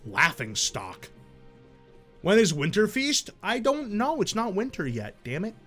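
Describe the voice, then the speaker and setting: A man streaming a strategy game live, reading event text aloud and reacting with jokes and sudden loud shouts. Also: sits high, moderate pace, faint music behind. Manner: animated, jokey, bursts into loud shouts.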